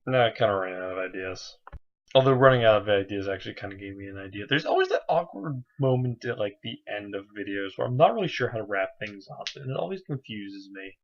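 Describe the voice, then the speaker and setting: A man's voice: on the low side, lively intonation, brisk. Earnest rambling young man vlogging. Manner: rambling and earnest, many fillers. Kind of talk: casual video diary. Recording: slightly dull lo-fi sound.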